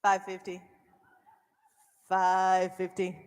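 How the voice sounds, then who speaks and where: A woman auctioneer calling bids at a charity auction in quick, repetitive, playful rounds. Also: fairly low pitch, monotone, a little mellow, smooth. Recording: reverberant event hall.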